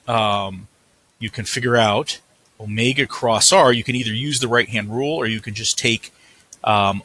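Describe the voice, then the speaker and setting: A man's husky, bright-edged voice explains a physics problem step by step, as in a recorded lecture. He thinks aloud as he writes, stops to correct slips and moves on. His delivery is casual and easy. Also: fairly low pitch. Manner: thinking aloud, self-correcting while writing.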